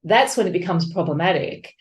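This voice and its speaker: A woman's voice: lowish voice, fairly quick. A woman author being interviewed on a podcast, talking openly and with feeling, acting out voices as she tells stories. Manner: open, emotional, animated storytelling. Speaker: author guest. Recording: echoey room.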